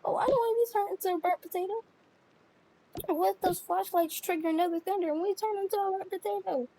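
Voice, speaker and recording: A woman's voice: extremely high pitch, fast talker, warm tone, voice pushed up. A woman voicing a panicky little kid who whines fearfully. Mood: whiny. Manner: squealing, fearful whining. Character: panicky whiny little kid, always scared. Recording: noisy home recording with clicks.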